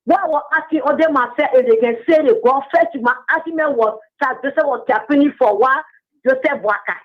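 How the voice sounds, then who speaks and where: A woman's voice: sits high, brisk. A woman caller, talking emphatically and repeating herself on a phone-in radio show. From Liberia. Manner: animated, repetitive, emphatic. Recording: muffled phone line.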